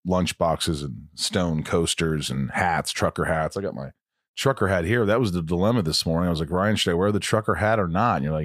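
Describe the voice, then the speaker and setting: A man with a very low voice hosts a podcast in easygoing chat. He rambles and jokes at his own expense. The sound is dry and close. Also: a little fast, no room sound. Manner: rambling, with self-deprecating humor. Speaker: podcast host.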